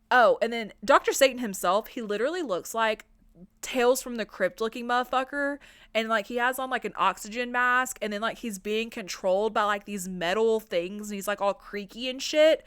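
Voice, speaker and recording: A woman's voice: on the high side, fairly bright tone, clear, resonant tone, no room sound. A woman podcast host giving a casual, profane film recap, peppered with filler words. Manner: chatty, profane, lots of "like" fillers.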